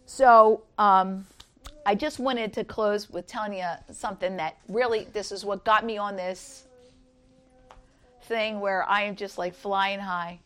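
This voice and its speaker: A woman's voice: steady tone, a little slow, fairly bright tone, smooth. A middle-aged woman giving an earnest Easter devotional talk, reading scripture and telling personal stories. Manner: earnest, rises high when voicing others.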